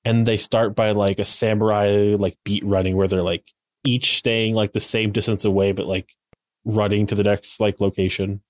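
A man's voice: fairly low pitch, little pitch movement, normal speed, darkish tone, no room sound, studio quality. A man co-hosting a podcast, retelling episode events in a loose, filler-heavy way. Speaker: podcast co-host. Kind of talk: casual episode recap.

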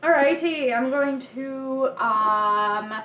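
A woman's voice: high voice, takes it slowly, highs cut off. A woman playing in a tabletop game, speaking hesitantly as she thinks through her moves. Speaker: player. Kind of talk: casual tabletop game play. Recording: distant, echoey, noisy mic.

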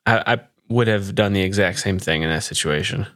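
A man's voice: deep voice, fairly quick, fairly bright tone, dry recording, studio quality. A man hosting a podcast, asking a guest questions in a casual chat. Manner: brief affirming interjections. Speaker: podcast host.

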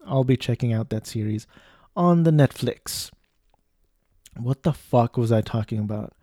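Mellow-voiced man rambling casually. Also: mid-range voice, animated, measured pace, no echo, studio quality. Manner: digressive, lots of fillers and restarts.

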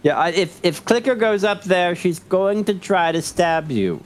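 A man's voice: high-pitched, expressive, a little slow. A man chatting casually as a player in a tabletop game, joking along.

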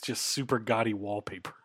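A relaxed man chatting on a podcast, often agreeing and filling gaps with fillers. His voice is of average pitch. It is recorded dry and close. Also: breathy edge, dry recording. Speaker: podcast co-host. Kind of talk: casual chat.

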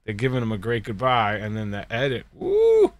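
A man's voice: fairly low pitch, fast talker, dry recording. A man hosting a podcast on a video call, chatting casually and joking around. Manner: lively, animated, joking. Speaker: podcast host. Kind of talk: casual chat.

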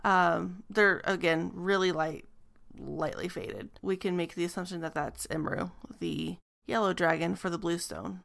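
A woman narrating a tabletop game as game master, describing scenes with frequent pauses and ums. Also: fairly low pitch, creaky, fairly bright tone.

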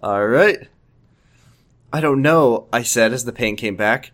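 A man's voice: mid-range voice, measured pace, fairly bright tone. A man co-hosting a comedy podcast, reading fanfiction aloud and breaking off for joking side comments. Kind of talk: comedic dramatic reading with banter.

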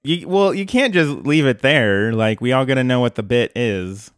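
A man's voice: medium pitch, normal speed, clean tone, no echo. Male podcast co-host, dry teasing delivery, close dry sound. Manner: dry, teasing, deadpan jokes. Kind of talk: casual podcast chat.

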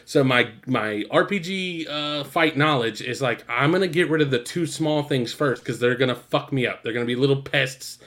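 A man co-hosting a podcast, telling stories in an animated, profane, exasperated way. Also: mid-range voice, normal speed, hardly any pauses. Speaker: podcast co-host. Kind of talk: casual podcast chat.

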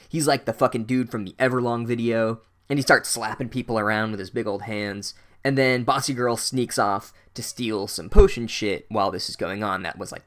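A man riffs through a comedic recap in a sarcastic, profane voice of middle pitch. He drops into deadpan asides, then jumps to loud, incredulous outbursts. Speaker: podcast host recapping a book.

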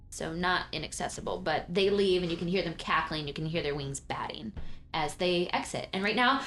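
A woman's voice: medium pitch, a bit bright, slight background noise. A woman narrating a tabletop game as game master, casual and full of fillers. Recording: roomy echo, faint background.

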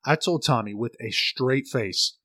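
A young man co-hosting a sports podcast, talking fast with lots of restarts and repeated words. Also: medium pitch, slightly rough, no room sound. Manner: animated, stammering restarts. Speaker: podcast co-host. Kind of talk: casual sports chat.

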